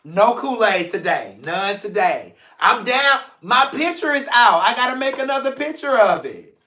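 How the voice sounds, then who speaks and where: A man's voice: very high voice, normal speed, reverberant. A man from St. Louis hosting his own talk show, chatting casually and jokingly, shifting into earnest reflection. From St. Louis, Missouri. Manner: animated, joking, drifts between playful and emotional. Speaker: podcast host. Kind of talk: casual solo livestream talk.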